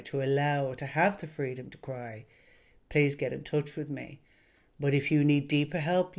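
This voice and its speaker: A man speaking as a wellness coach in an unhurried, gentle monologue. His voice sits a little higher than most men's, and he takes his time, pausing and restarting as he talks earnestly to the viewer. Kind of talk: calm reflective monologue to camera.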